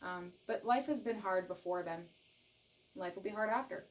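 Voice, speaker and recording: A young adult woman from Canada giving a casual tarot reading straight to viewers, laughing often and repeating herself in her excitement. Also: mid-range voice, normal speed. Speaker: tarot reader.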